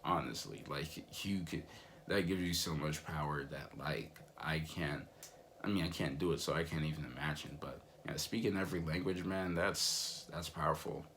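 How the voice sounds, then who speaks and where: A man's voice: extremely low pitch, moderate pace, a bit bright, slight background noise. A young man vlogging in a rambling, laid-back way, full of fillers. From United States. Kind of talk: casual vlog monologue.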